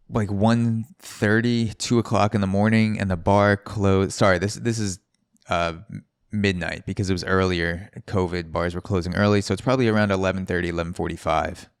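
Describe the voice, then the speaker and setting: A man's voice: deep voice, smooth, no room sound, clean studio sound. A male podcast host telling a casual, rambling story with many restarts and some swearing.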